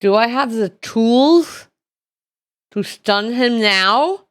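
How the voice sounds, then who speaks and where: A woman's voice: a little high, expressive, drawn-out words, clean tone. A woman streaming a video game, commenting live and often exclaiming and squealing as she plays.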